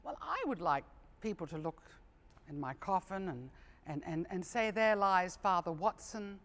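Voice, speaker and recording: A woman voicing a nervous older male minister who stammers and hesitates in a lower, quieter voice. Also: expressive, unhurried. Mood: flustered. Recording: long hall reverb, live stage.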